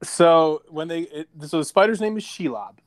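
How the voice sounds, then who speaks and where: A man in his twenties on a casual podcast, telling a story in an animated, profane, dramatic way. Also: a little high, normal speed. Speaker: podcast co-host.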